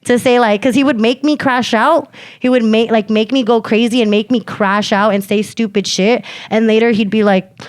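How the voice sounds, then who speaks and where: A woman's voice: a little high, normal speed, no room sound. A young woman and podcast co-host telling a story in casual slangy chat, acting out quotes and using lots of fillers. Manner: animated, slangy, many fillers, acts out quotes.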